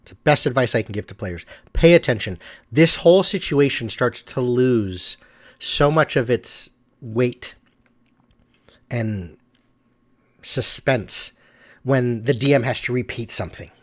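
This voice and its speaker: A man's voice: mid-range voice, a little slow, long pauses. A middle-aged man commenting on a tabletop game clip in a casual, emphatic way, repeating his advice.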